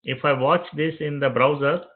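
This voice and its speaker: A man's voice: fairly high pitch, steady tone, normal speed. Man narrating a tutorial over tinny audio. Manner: step-by-step narration of clicks, repeats phrases. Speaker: web development instructor. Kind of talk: screen-recorded software tutorial.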